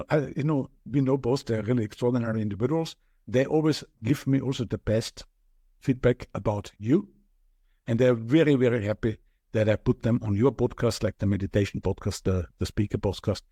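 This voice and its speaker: A man's voice: medium pitch, dark tone, breathy edge, dry recording. Man, Austrian accent, podcast guest, earnest explaining, dry close sound. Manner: earnest, explanatory, restarts sentences. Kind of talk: podcast interview chat.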